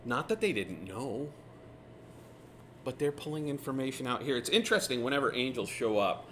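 A man teaching through a Bible passage in a relaxed, conversational way, retelling the scenes with lively asides. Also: medium pitch, normal speed, slight background noise. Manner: casual, animated retelling of scripture scenes.

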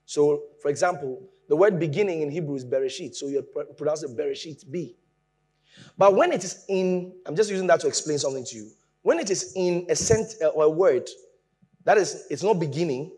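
A man preaching a sermon, explaining with lively emphasis that rises from quiet asides to raised points. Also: a little high, breathy edge.

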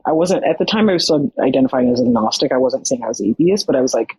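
A young adult podcast guest telling a personal story in casual, animated talk full of "like". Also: mid-range voice, quick pace, few pauses, slightly rough, dry recording, low-quality recording. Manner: animated, many fillers like "like".

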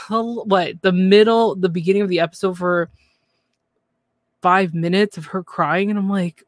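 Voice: medium pitch, unhurried, pauses often, no echo. A podcast co-host giving a casual, chatty recap of a reality TV episode, often slipping into mocking impressions of the cast. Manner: chatty, lively, mimics cast members mockingly.

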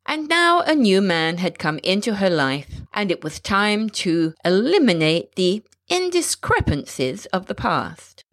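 A woman narrating a short story in a measured, expressive storytelling manner. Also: mid-range voice, no echo, studio quality.

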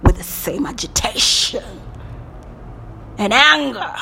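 A woman speaks in a theatrical, motivational monologue, taking her time over each phrase. She slides from hushed whispers into loud bursts and laughs at herself along the way. A faint background hiss sits under her voice. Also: high voice, expressive, slow, creaky.

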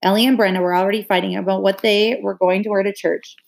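A woman reading a children's novel aloud, with steady, expressive narration. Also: medium pitch, fast talker, vocal fry. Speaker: reader.

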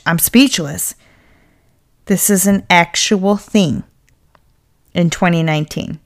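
Blunt, gravelly young woman ranting. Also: on the low side. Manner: blunt, profane, fired-up venting. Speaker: podcast host. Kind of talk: casual ranting monologue.

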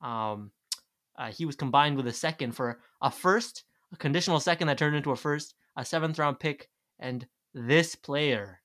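A man's voice: a little high, moderate pace, a bit bright. A young man hosting a casual podcast quiz, laid-back and a bit profane. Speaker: podcast host, quizmaster.

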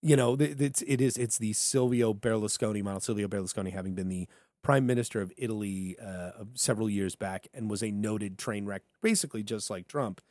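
A man co-hosting a podcast in casual political banter, animated and jokey, slipping into funny voices for quotes. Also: fairly low pitch, brisk, no echo, clean studio sound. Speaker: podcast co-host.

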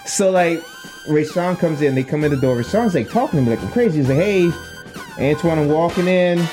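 A man's voice: a little high, fast talker, soft background music. A young man, a podcast co-host, telling a long profane story in casual chat and acting out the voices in it. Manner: animated, profane storytelling with acted-out quotes.

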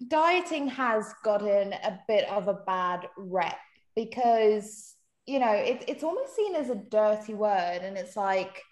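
A woman's voice: mid-range voice, animated, slow, echoey room. A woman from South Africa co-hosting a podcast in a chatty, casual way, often laughing and acting out quotes. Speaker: podcast co-host. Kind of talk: casual chat.

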